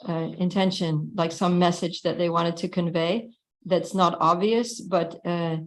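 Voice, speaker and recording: Low-voiced woman answering in class. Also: fairly even intonation, unhurried, poor audio. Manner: thoughtful, hesitant, with fillers. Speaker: class participant.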